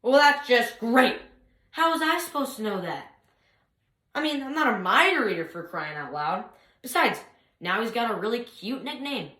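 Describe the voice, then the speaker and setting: Animated young woman telling a comic story. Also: fairly high pitch. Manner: animated, swings from loud to hushed. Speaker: speech competitor. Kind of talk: comic monologue performance. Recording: roomy echo.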